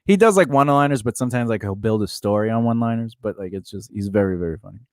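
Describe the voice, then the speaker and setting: A man's voice: fairly low pitch, very fast, no echo, studio quality. A man co-hosting a casual podcast chat, teasing his partner and laughing often. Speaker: podcast co-host.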